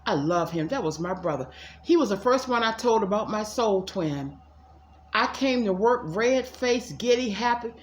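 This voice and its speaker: A woman's voice: medium pitch, animated, moderate pace, roomy sound, a little hiss or hum. A woman giving a casual tarot reading at home, chatty and repetitive, talking straight to her viewers. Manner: chatty, addresses viewers as y'all, repeats herself. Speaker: psychic tarot reader.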